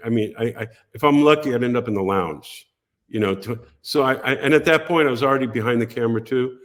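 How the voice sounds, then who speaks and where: Older man telling lively stories. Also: mid-range voice, quick pace. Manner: animated anecdotes, acts out other people's voices. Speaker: podcast guest. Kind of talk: casual storytelling interview.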